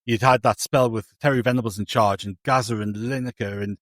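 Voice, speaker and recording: A man's voice: mid-range voice, steady tone, brisk, a bit bright, dry recording. A man, co-hosting a podcast in casual chat, telling stories with many restarts and self-interruptions. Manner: rambling, self-interrupting storyteller. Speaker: podcast co-host.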